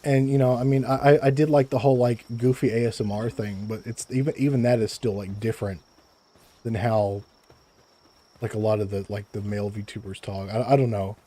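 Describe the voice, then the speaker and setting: This young man's voice is lowish, warm and steady, and he talks briskly while gaming live on stream. Close to a desk mic, he chats casually, stumbling over words, repeating himself and laughing often.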